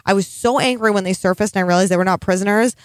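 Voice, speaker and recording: A woman's voice: medium pitch, rapid-fire, smooth, dry recording, studio quality. A woman co-hosting a casual podcast, exasperated and sarcastic, swearing freely. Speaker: podcast co-host.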